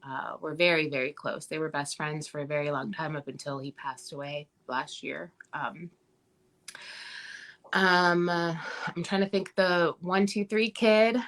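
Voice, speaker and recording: Brief: woman interview guest, bright forceful tone, lowish voice, casual and chatty. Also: unhurried. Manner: chatty, many ums, animated when quoting.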